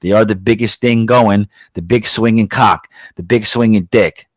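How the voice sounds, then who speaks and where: In a dry recording, a New York podcast host with a fairly low voice rants at a moderate pace. He's profane, blunt, and heated throughout this casual podcast rant.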